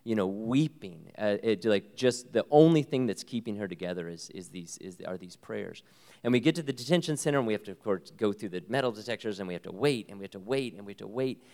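Earnest low-voiced man telling a story. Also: lively intonation, vocal fry, in a large hall. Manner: earnest, halting, drops to hushed whispers. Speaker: guest speaker, ministry worker. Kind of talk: emotional storytelling in conversation.

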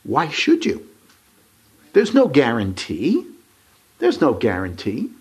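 A man's voice: medium pitch, wildly swooping pitch, slow, darkish tone, breathy edge. A man preaching a sermon. He reads scripture aloud and keeps calling the congregation "folks" as he presses his points. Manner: emphatic, rising to stress points and addressing the congregation as folks.

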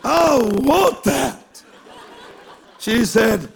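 High, gravelly voiced man preaching. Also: a little slow, a little hiss or hum. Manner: animated, self-mocking, breaks into shouts and laughter. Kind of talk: storytelling sermon.

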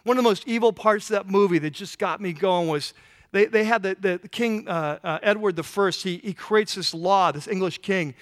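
A man's voice: sits high, moderate pace. A man preaching a sermon, telling stories and acting out quoted voices as his intensity rises. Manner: animated storytelling, acts out voices, rising intensity. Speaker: pastor.

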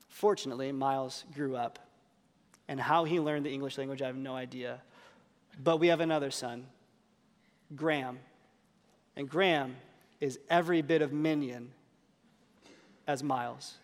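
A man in his thirties preaches from a church hall, his slightly high voice moving at a moderate pace with long pauses. He lightens the sermon with self-deprecating stories about his young kids, changing his voice animatedly, all under the long reverb of a large hall.

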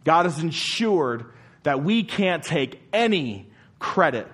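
A male pastor preaching a sermon, asking rhetorical questions again and again and dropping to a quiet, slow voice for emphasis. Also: a little high, big pitch swings, husky.

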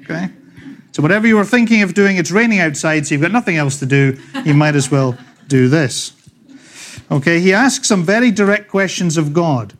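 A middle-aged man with a Scottish accent preaching a sermon, chatty and joking with the congregation, reading scripture slowly and loudly. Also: on the high side. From Scotland. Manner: slows and swells when reading scripture. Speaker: pastor. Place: church.

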